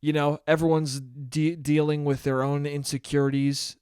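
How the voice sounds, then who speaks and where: A man's voice: a little high, level tone, moderate pace, a little mellow, clean tone, no room sound, studio quality. A young man hosting a solo podcast, telling a rambling, profane, self-mocking story. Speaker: podcast host. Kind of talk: casual solo podcast monologue.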